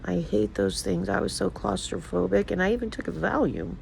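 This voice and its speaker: A woman's voice: medium pitch, fairly quick, creaky, darkish tone, slight background noise, poor audio. An older woman talking casually in a personal vlog, emotional and rambling as she confides in her viewers. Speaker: vlogger.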